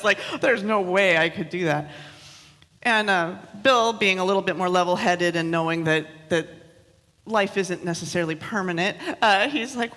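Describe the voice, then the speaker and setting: Woman pastor in her thirties telling funny stories from the pulpit, bright voice, long hall echo. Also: fairly low pitch, brisk. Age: 30s. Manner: chatty and self-mocking, laughing often. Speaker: minister. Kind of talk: sermon with personal stories. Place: church hall.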